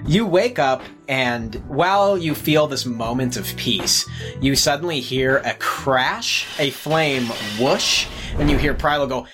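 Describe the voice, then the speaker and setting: A woman narrating as game master in a tabletop game, in a relaxed, drawn-out way. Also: very deep voice, breathy edge. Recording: faint music behind.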